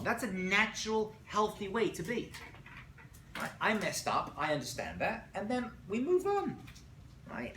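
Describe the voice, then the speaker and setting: Animated man lecturing in an echoey room. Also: sits high. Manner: animated storytelling with acted quotes, many "right?" asides. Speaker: rabbi teaching a class. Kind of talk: lively classroom lecture. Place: college classroom. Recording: echoey room, faint noise.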